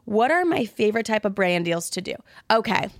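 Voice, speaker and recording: A woman's voice: medium pitch, sing-song, fairly quick, dry recording, clean studio sound. A woman in her twenties chatting candidly as a podcast host, blunt and rambling, swearing freely. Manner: blunt, swears freely, rambling self-talk with loud asides. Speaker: podcast host answering listener questions. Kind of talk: casual candid chat.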